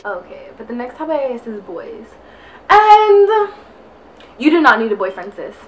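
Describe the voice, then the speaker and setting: A woman's voice: high voice, sing-song, unhurried, slight background noise. Breathless young woman rambling to camera. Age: young adult. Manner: rambling, says like constantly. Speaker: vlogger. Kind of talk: casual chat to camera. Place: indoors at home, getting ready.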